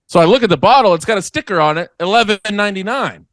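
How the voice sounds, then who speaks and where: Young man, podcast co-host, animated storyteller, dry close sound. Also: fast talker, no echo. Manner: animated storyteller, acts out others in a low mumble. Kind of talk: casual comedy podcast chat.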